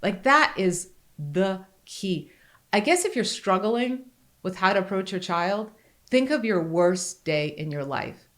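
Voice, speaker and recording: A woman's voice: animated, unhurried. A middle-aged woman co-hosting a podcast, speaking in an earnest, emphatic conversational way. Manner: earnest and emphatic, rising in pitch when making a point. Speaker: podcast co-host.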